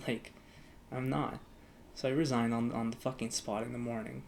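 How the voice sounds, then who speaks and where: A man's voice: mid-range voice, flat delivery, moderate pace, gravelly, a little mellow, slight background noise. A young man talking casually to camera as a vlogger, rambling with lots of "like" fillers and acting out both sides of past conversations. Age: young adult. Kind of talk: casual storytelling vlog.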